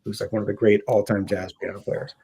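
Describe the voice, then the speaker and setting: A middle-aged man, a music teacher, telling a story in earnest, relaxed podcast chat. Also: fairly low pitch, fast, husky. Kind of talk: casual chat.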